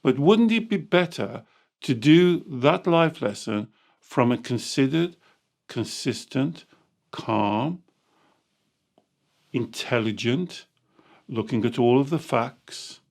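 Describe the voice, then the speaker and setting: A man who hosts a coaching podcast, explaining ideas and acting out quoted inner voices in lively asides. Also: medium pitch, slow, long pauses. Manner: animated, acts out inner voices. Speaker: life coach and podcast host. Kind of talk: conversational coaching talk.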